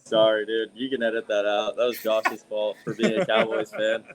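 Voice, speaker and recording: A man's voice: on the low side, level tone, moderate pace, very noisy. A male podcast guest bantering crudely, saying "dude" after nearly every phrase. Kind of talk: casual chat.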